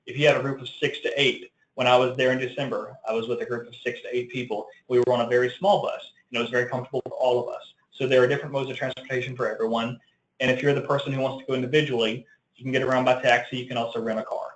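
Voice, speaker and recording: A man's voice: mid-range voice, flat delivery, rapid-fire. Southern man explaining, in an echoey room. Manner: explanatory, with frequent ums and restarts. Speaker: tourism marketing presenter. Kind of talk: webinar Q&A answer.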